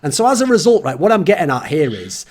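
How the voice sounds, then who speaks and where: A man's voice: fairly high pitch, sing-song, fast talker, darkish tone. A man with an English accent hosting a casual round-table chat, ranting and swearing, with mocking put-on voices. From England. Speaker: host.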